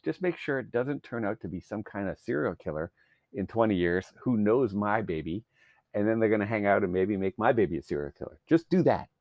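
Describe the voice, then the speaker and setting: A young man with a low voice rants bluntly and profanely about parenting, his pitch swinging widely as he gets exasperated. The sound is dull and lo-fi, with no room echo at all. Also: animated, fairly quick. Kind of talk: solo rant.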